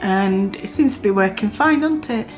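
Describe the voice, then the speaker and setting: A woman's voice: mid-range voice, animated, normal speed, highs cut off, over music. A middle-aged woman with a South Yorkshire accent, chatting casually as she narrates her daughter's baking for a family vlog in a home kitchen. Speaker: mum filming a family vlog.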